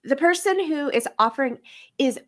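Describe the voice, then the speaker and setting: A woman's voice: high voice, expressive, normal speed. A woman co-hosting a casual talk show, coaching listeners and acting out sample lines a partner could say. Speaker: podcast co-host. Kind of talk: casual advice chat.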